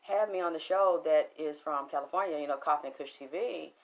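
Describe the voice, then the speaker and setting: A middle-aged woman with a Southern accent from Atlanta, chatting on a livestream with a slightly low voice. She rambles through stories, laughs easily and answers her viewers' comments as they come in. Her talk is loose and animated. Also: fairly quick, muffled recording. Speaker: livestream host. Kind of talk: casual livestream chat.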